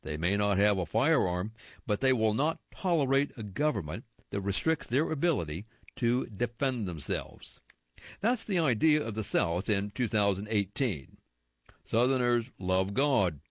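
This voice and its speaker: Male reader, measured, on-air magazine reading, muffled lo-fi and dry. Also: on the low side, big pitch swings, dry recording. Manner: measured, deliberate reading with slowed emphasis on key words. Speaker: radio reader of magazine articles. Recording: dull lo-fi dry broadcast sound.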